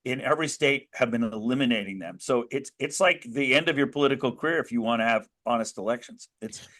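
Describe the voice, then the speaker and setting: A man's voice: medium pitch, quick pace. Earnest American man, restless storyteller. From United States. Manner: earnest, animated storytelling with frequent restarts. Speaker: interview guest. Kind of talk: conversational interview.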